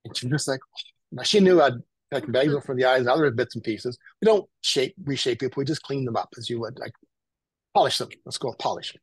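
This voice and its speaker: A man, telling lively anecdotes as a photographer guest and acting out what people said. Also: medium pitch, a little fast, slightly rough, no room sound, poor audio. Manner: animated anecdotal, acts out quotes. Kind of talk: casual storytelling.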